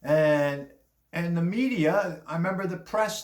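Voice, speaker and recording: A man's voice: a little high, measured pace. An older man giving a rambling, blunt opinion monologue on the day's news, with chuckling asides. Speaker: commentary vlogger. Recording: echoey room.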